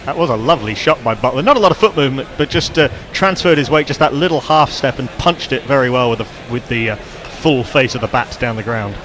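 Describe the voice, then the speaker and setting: A man giving calm, technical analysis of cricket shots as a co-commentator. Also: mid-range voice, brisk, slight background noise.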